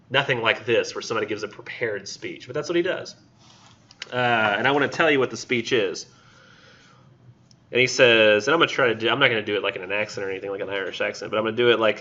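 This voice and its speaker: A man's voice: on the low side, pushed and bright. A man lecturing a college class in a casual, chatty way, full of fillers and digressions, in a dull lo-fi recording. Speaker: college instructor.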